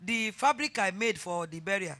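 A woman's voice: medium pitch, expressive, moderate pace, fairly bright tone. A middle-aged Nigerian woman pastor preaching a sermon, telling a personal story and rising to fervent emphasis.

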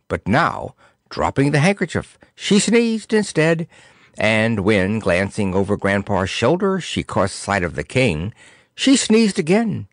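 A man reading a children's storybook aloud in an expressive, theatrical way. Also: on the low side, dry recording, clean studio sound. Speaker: audiobook narrator. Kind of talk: storybook narration.

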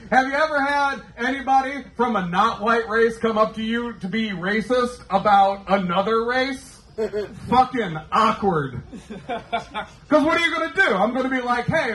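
A man in his forties doing a self-mocking, animated stand-up comedy set. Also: very high voice. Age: 40s. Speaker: stand-up comic. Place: comedy club stage. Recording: roomy club sound, mic from a distance.

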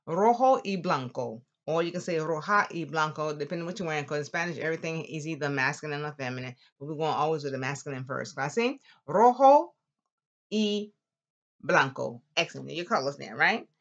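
Woman, low-pitched, an upbeat classroom teacher drilling vocabulary, with a muffled lo-fi sound. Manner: lively, drills words slowly for the class to repeat. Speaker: Spanish teacher. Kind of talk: classroom language lesson.

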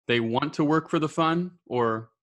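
A man hosting a podcast interview who asks halting, rephrased questions. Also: on the high side, a bit bright. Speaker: podcast host.

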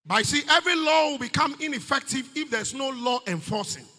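A Ghanaian pastor preaching a sermon in a church, often shouting his points with rising emphasis. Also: extremely high pitch, expressive, brisk, in a large hall.

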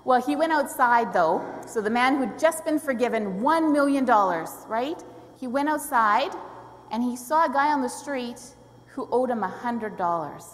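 A woman's voice: fairly high pitch, expressive, moderate pace. A woman leading a children's story in a church service, friendly and asking questions, laughing often. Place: church sanctuary. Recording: long hall reverb, faint room noise.

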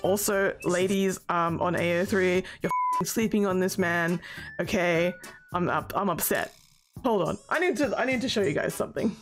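A woman talking through a casual commentary video essay, brash and sarcastic, who swears freely and bursts into loud exasperated outbursts. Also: on the low side, moderate pace, soft background music.

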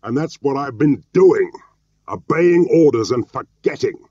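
A man with a very deep, gravelly voice playing an embittered middle-aged ex-spy who talks curtly and barks when angry, in a slightly muffled, dry recording. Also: animated, measured pace, no room sound, full character voice. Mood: furious shouting. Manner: gruff, barking, rising to shouts.

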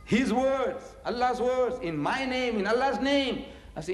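Speaking slightly slowly in a very high voice, a male religious lecturer addresses the public on scripture. His storytelling is animated, sprinkled with chuckles and mocking asides, and he repeats phrases to stress them. Hall reverb makes the sound echoey.

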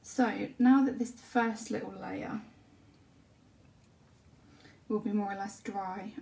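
A woman chatting casually during a livestream as she colours, often dropping to a soft murmur. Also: medium pitch, fairly even intonation, slow, creaky, long pauses. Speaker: colouring channel host. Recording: distant mic with faint background hiss.

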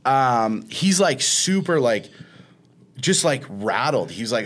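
A man's voice: medium pitch, expressive, measured pace. A man, co-hosting a podcast and telling a story in casual chat, acting out quotes with a raised voice. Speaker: podcast co-host.

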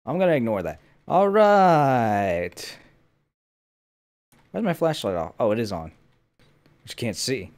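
This young man hosts a gaming channel, chattering jokily to himself during gameplay through a headset mic. His mid-range voice is sing-song, unhurried, and darkish in tone, broken by long pauses.

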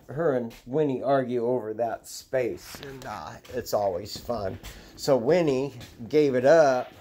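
A man's voice: mid-range voice, a little mellow, a little hiss or hum. A man casually chatting through a morning at an animal sanctuary, rambling and folksy with chuckling asides. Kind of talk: casual morning vlog chat.

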